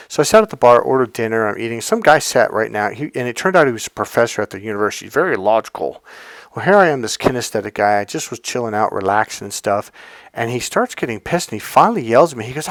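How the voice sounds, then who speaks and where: A man's voice: medium pitch, no room sound. A man, a relationship and communication coach, giving a motivational teaching talk and acting out quoted voices as he tells stories. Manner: animated storyteller, acts out quoted voices.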